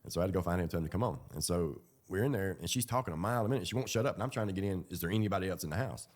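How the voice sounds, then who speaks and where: Deep fast-talking man. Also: darkish tone. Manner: rambling, colloquial, with fillers and laughs. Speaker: ex-prisoner telling his story. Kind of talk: casual storytelling.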